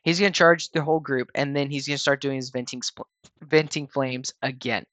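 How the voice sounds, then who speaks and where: A yawning, somewhat tired host walks viewers through a game raid at a fairly quick pace, rambling easily with many fillers like "um" and "like" and restarting often. He speaks at a middle pitch, recorded dry and close without echo or room sound.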